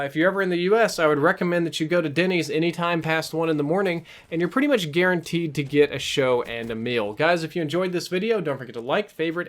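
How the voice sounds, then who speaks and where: Amused man telling a story. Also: fairly high pitch. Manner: animated, amused, self-mocking. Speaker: vlogger. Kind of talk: casual storytelling to camera.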